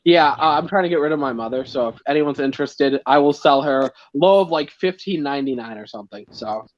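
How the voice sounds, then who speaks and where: Lively high-voiced joking man. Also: a little fast, no echo, dull audio. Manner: joking, laughs often, animated. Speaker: livestream host. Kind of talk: casual chat on a building livestream.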